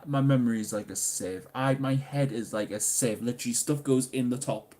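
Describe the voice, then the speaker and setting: A man's voice: mid-range voice, fairly quick, slight background noise. A young man from Newcastle with a Geordie accent, hosting a casual livestream Q&A, reading out chat and joking. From Newcastle upon Tyne, England. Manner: chatty, jokey, reads chat aloud, bursts into loud excited exclamations. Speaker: YouTuber answering livestream questions.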